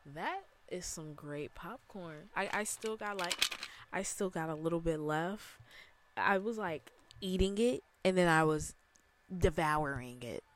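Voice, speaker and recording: A young woman from Chicago hosts a solo podcast from her bedroom. She talks at an unhurried, drawn-out pace, rambling from one thought to the next. Her chat is casual and slangy, and she laughs easily. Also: fairly low pitch, expressive, slight background noise. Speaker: podcast host.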